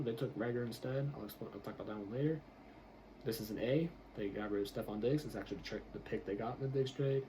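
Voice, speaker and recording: A man's voice: medium pitch, dark tone, slight background noise, poor audio. A man grading football draft picks in a casual commentary, blunt and exasperated, swearing and laughing as he rants.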